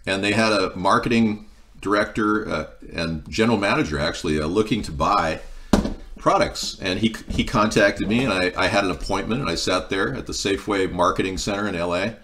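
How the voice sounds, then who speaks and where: A man with a fairly low voice hosts a laid-back cooking livestream. He talks in loose, meandering stories and breaks off now and then to answer his viewers' comments. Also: fairly quick, a bit bright, slight background noise. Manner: rambling, meandering storytelling, answering chat. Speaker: livestream host. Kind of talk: casual live-stream chat while cooking.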